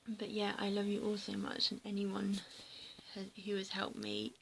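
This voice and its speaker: A tearful woman vlogging a heartfelt personal message on a handheld camera, speaking haltingly and often dropping into a breathy half-whisper. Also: medium pitch, completely flat delivery, noisy background. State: tearful, emotional. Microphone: handheld camera mic.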